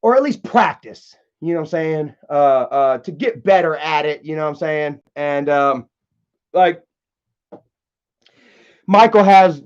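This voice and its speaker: A man with a high voice rambles through profane stories on a live stream, laughing at his own tales. The sound is dull and lo-fi. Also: slow pace, long pauses. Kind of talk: casual storytelling to chat.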